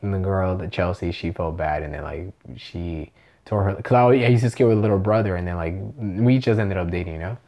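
A man's voice: low-pitched, brisk, highs cut off. A drunk man rambling and swearing through a casual chat, calling his partner dude and bro.

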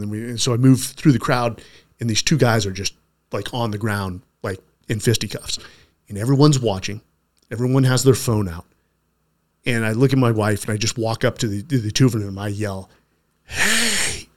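A middle-aged man hosting a conversational interview, speaking earnestly and often stopping to restart his sentences. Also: medium pitch. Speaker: podcast host.

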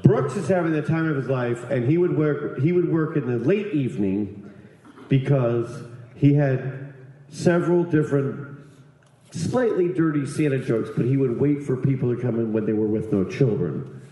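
A man telling a long, rambling, profane comic story in casual chat, jumping into loud put-on voices for the people in it. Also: mid-range voice, normal speed. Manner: rambling, profane, acts out other people's lines with big voice jumps. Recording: very echoey room.

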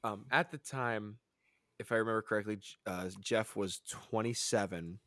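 A man hosting a podcast in casual chat, laid-back and quick to laugh, steering the conversation along. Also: lowish voice, a bit bright, dry recording, clean studio sound. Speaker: podcast host.

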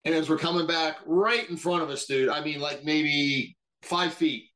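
A middle-aged man telling war stories on a podcast in a casual, profane and animated way, acting out what others said. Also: fairly high pitch, normal speed, slight background noise. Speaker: podcast guest. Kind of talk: casual storytelling.

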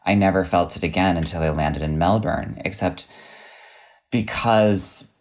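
A man's voice: low voice, unhurried. A man talking reflectively in a casual conversation, often restarting his sentences. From United States.

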